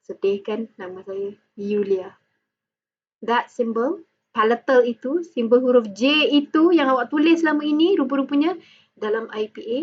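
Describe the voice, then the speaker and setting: A woman's voice: a little high, normal speed, recorded from a distance, muffled recording. A woman with a Malaysian accent giving a phonetics lecture, playful and switching between Malay and English as she demonstrates sounds. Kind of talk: recorded online lecture.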